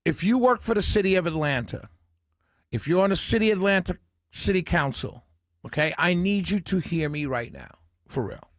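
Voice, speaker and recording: A man's voice: high voice, lively intonation, normal speed, no room sound. A man hosting a talk radio show from a studio, giving his opinions emphatically and working them out as he speaks. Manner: emphatic, opinionated, thinks out loud. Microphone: studio microphone.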